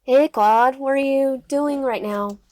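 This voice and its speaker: A woman's voice: high-pitched, slow pace, a little mellow, no room sound, studio quality, pitched above the performer's own voice. A woman reading aloud the lines of a pushy young woman, the narrator's twin sister, in a visual novel game, with a haughty manner.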